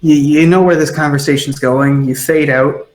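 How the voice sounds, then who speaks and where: A man's voice: fairly high pitch, fairly even intonation, moderate pace. A man narrating casually as the game master of a tabletop game. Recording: roomy echo.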